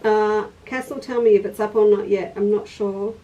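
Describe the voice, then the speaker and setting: A woman's voice: medium pitch, steady tone, normal speed, warm tone, highs cut off. A woman hosting a casual stitching livestream, chatty and laughing as she demonstrates and answers viewers. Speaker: craft shop host. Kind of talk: casual craft livestream chat. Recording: distant mic.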